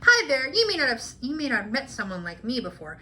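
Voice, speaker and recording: A woman's voice: high voice, big pitch swings, fast talker, bright, forceful tone, slight background noise, heavily acted. A woman voicing a chatty pangolin who patiently explains and corrects everyone, reading a storybook aloud. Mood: explaining. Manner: explains and corrects others firmly.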